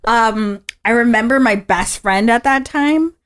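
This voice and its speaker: A woman's voice: a little high, unhurried, smooth. A young adult woman, a podcast guest, chatting casually in a sardonic, grumbling way. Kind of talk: casual chat.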